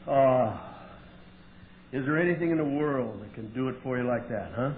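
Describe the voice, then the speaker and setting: A man telling his story at a recovery meeting, wry and profane, with sudden loud outbursts. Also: mid-range voice. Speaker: AA meeting speaker. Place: meeting hall with audience. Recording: tinny lo-fi 1988 tape with faint hiss.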